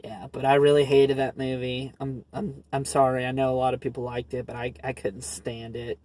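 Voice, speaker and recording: A man bluntly and sarcastically trashing movies in a casual chat, often pausing on fillers. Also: medium pitch, completely flat delivery, a little mellow. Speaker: co-host.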